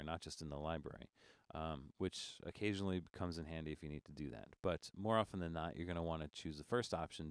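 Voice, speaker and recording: Low-voiced man explaining software. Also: clean tone, no echo, clean studio sound. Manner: relaxed, explanatory, many fillers and restarts. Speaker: music notation software instructor. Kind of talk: screen-recorded software tutorial.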